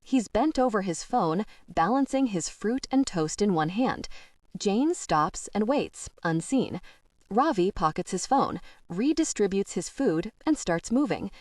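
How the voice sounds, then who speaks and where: A woman narrating a young adult audiobook in a measured and expressive way. Her mid-pitched voice is dry, with no room sound. She sits a little back from the microphone. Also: dry recording. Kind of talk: scripted narration. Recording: dry, slightly distant mic.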